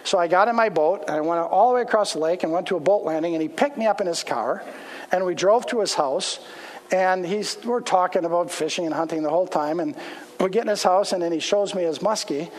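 A man's voice: high voice, a little fast. A man, a pastor, telling a casual anecdote as part of a sermon in a church. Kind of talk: storytelling sermon. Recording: long hall reverb.

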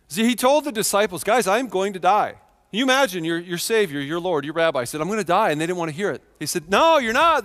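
Earnest and personal, this thirtysomething pastor's church sermon tells a story of his own, rising from quiet to loud and back. His voice sits high and rings out in a large hall.

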